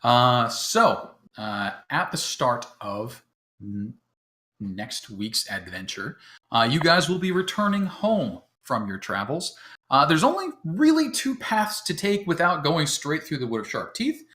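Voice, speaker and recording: A man with a slightly high voice runs a tabletop game from home over voice chat. He talks in a loose, relaxed way, full of fillers, and often chuckles as he explains the rules to his players. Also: measured pace. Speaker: game master.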